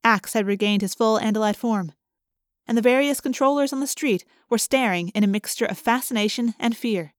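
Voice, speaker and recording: A woman narrating a first-person novel in a clear, measured storytelling manner. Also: a little high, no echo, clean studio sound. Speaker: audiobook narrator.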